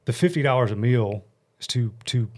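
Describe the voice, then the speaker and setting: A man, a guest on a podcast, telling a work story in a blunt, animated, casual way with some swearing. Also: medium pitch, moderate pace. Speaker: guest, paintless dent repair business owner.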